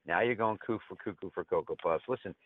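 A man's voice: sits low, fast, a little hiss or hum. A man talking sports betting in a brash, joking, trash-talking way. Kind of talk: casual betting talk. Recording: tinny phone-line sound.

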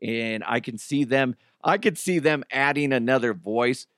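Unhurried and a bit bright, this man's middle-pitched voice sounds slightly strained, since the podcast host is trying to save it. He riffs casually with opinions and jokes, recorded close and dry with no room sound.

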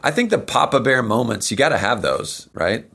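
Casting: man host, swooping pitch, gravelly husky tone, playful interjections. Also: sing-song, pushed and bright. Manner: playful, quick to laugh and chime in. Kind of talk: casual chat, asking questions.

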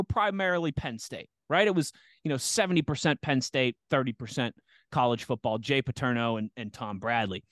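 A man co-hosting a podcast, telling an anecdote in an animated, casual way and laughing as he goes. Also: medium pitch, dry recording, clean studio sound. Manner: animated storyteller who laughs often and acts out quotes. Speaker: podcast co-host and sports radio reporter. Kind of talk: casual storytelling chat.

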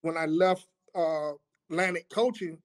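A man's voice: on the high side, measured pace. A man, a former coach and athletic director, talking reflectively in conversation. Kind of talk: conversational interview.

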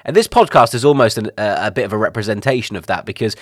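A man's voice: lowish voice, animated, fast, no room sound, studio quality. A man co-hosting a podcast, talking in a reflective, casual way with frequent restarts. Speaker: podcast co-host. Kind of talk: casual chat.

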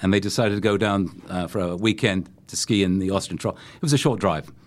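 A man's voice: sits low, brisk. A man in his fifties from England with a London accent, chatting as an interview guest in a cheeky, self-deprecating storytelling way. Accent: London English. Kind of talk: casual interview chat.

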